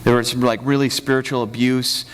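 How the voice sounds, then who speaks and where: Male pastor, conversational sermon, lively acted-out quotes, long church-hall reverb. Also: mid-range voice, moderate pace. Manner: casual, animated storytelling with acted-out quotes. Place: church sanctuary.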